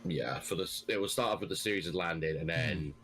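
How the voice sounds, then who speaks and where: A man as a podcast guest in casual chat, speaking in short, deliberate remarks. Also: deep voice, fairly bright tone. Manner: brief agreeing interjections, slow deliberate.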